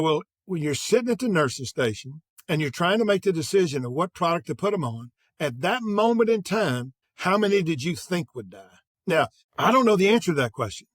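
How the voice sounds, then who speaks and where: An older man with a fairly high voice, recorded dry and close. He tells lively anecdotes in a relaxed interview, acting out the dialogue as he goes. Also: dry recording. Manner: energetic anecdotes with quoted dialogue. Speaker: guest, sales executive. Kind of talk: conversational interview storytelling.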